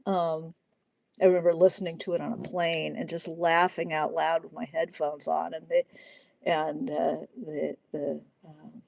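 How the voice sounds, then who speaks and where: Chatty woman with a gravelly low voice. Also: a little mellow, no room sound. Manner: chatty and digressive, many fillers. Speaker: novelist hosting a writing Q&A livestream. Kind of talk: casual livestream talk.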